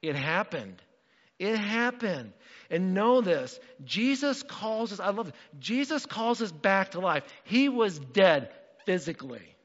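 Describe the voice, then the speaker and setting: A man preaching a sermon as pastor, animated and acting out the voices in the story. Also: sits high, a little slow, in a large hall, dull audio. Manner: animated, acts out quotes.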